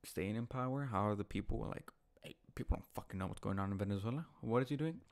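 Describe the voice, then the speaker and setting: A man's voice: fairly low pitch, fast, creaky. A man hosting his own online show, delivering a heated, profane rant from home with lots of swearing and repetition. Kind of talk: profane ranting monologue.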